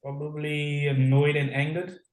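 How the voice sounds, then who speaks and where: A man's voice: on the high side, flat delivery, a little slow. Defensive male trainee in an echoey room. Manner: defensive, protesting. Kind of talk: improvised role-play practice. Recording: roomy echoing room.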